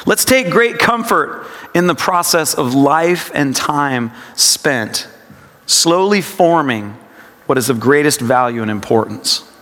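A man giving a devotional sermon, speaking slowly and reflectively and repeating scripture lines with shifting emphasis. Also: fairly high pitch, expressive, a bit bright. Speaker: pastor. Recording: long reverb, hall-like.

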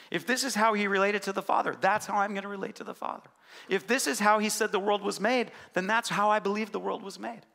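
A man preaching a sermon as pastor, swinging between loud urgent passages and quiet, low emphasis. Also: gravelly.

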